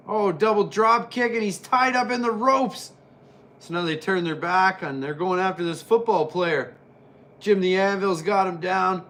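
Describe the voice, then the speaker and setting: A man giving casual, jokey play-by-play commentary while reviewing an old wrestling match. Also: high voice. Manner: excitable, jokey, chatty.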